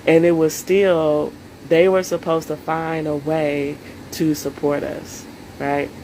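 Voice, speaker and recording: A woman's voice: low voice, little pitch movement, takes it slowly, warm tone, a little hiss or hum, low-quality recording. A woman coaching viewers on self-care in a solo live stream, earnest and emotional, speaking straight to her audience.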